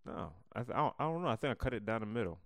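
A man co-hosting a casual podcast chat, laid-back and deadpan, with a slight stutter and halting restarts, on a close studio mic. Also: lowish voice, creaky, no room sound. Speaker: podcast co-host.

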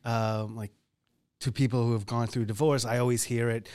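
Relaxed male podcast host. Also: mid-range voice, moderate pace, clear, resonant tone. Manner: relaxed, short prompting questions. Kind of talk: casual interview.

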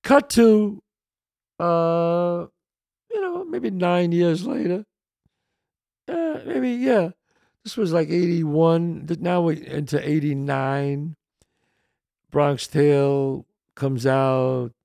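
Gravelly older New man telling stories. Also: fairly high pitch, very slow, long pauses, dry recording. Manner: animated anecdote with quoted voices, some swearing. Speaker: podcast host. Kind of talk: casual storytelling.

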